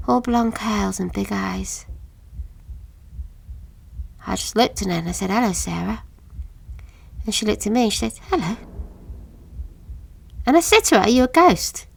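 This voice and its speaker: A haunted woman with a gravelly voice. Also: mid-range voice, exaggerated voice. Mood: hushed, haunted. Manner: halting, hushed storytelling that sinks to whispers. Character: haunted woman recalling a childhood ward horror. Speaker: witness recounting an account. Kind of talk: audio drama monologue.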